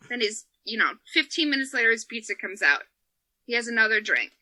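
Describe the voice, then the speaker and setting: A woman's voice: a little high, big pitch swings, a little fast, pushed and bright, dry recording. A woman comedian telling a story on a podcast, swearing freely and laughing as she talks. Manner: profane, laughing, emotional storyteller. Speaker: comedian and former bartender. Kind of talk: animated comic storytelling on a podcast.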